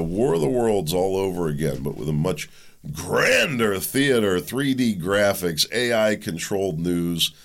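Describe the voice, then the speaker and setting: Deep gravelly-voiced male podcast host. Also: a bit bright. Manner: rambling, musing, speculative. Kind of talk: solo commentary monologue.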